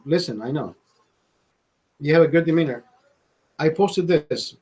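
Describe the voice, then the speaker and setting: A man's voice: on the high side, moderate pace, long pauses, a little mellow, slightly rough. A man hosting a casual livestream, rambling and swearing, laughing often as he talks to viewers. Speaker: livestream host.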